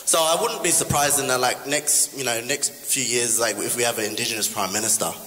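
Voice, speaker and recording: A man's voice: mid-range voice, fairly even intonation, fairly quick, music in the background. A man from Queensland with an Australian accent, doing casual, rambling stand-up comedy. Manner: casual, rambling, with frequent fillers. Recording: echoey hall with background ambience.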